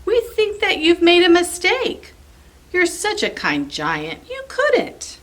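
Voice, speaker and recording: A woman voicing a group of eager young children in a rhyming picture book, speaking high and pleading. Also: wildly swooping pitch, slow pace, fairly bright tone, exaggerated voice. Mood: pleading, excited.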